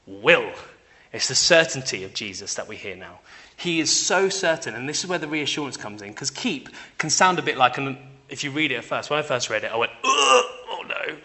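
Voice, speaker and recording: A young man giving an informal sermon in a conversational way, often checking in with listeners by asking "yeah?" and swinging between loud emphasis and quiet asides. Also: medium pitch, animated, fairly quick. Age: young adult. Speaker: preacher.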